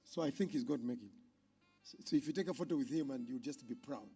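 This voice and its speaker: A man with a Ugandan accent hosting a conference on stage, loudly introducing speakers to the crowd. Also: medium pitch, fast, faint music behind. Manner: loud, animated announcing to a crowd. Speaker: conference emcee.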